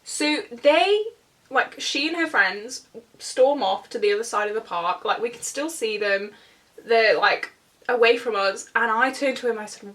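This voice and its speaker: A young woman in her twenties tells a long, rambling story at home while she does her makeup, trailing off into fillers and side comments. Her voice sits a bit high and is picked up from a little way off the mic. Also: animated, unhurried, fairly bright tone, far from the mic. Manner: rambling, full of fillers and asides. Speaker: vlogger.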